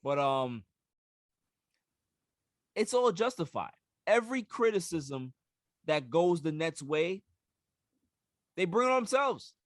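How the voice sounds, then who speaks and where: A man hosting a sports podcast in casual talk, emphatic and animated, often repeating words as he builds a point. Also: a little high, takes it slowly, pauses often, no echo, studio quality. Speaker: podcast host.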